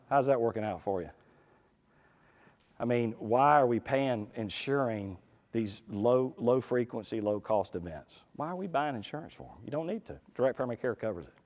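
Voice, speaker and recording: A man speaks at a live conference, folksy and animated, often turning to the audience with quick asides. His voice sits at an ordinary middle pitch. A long hall reverb trails behind his words. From United States.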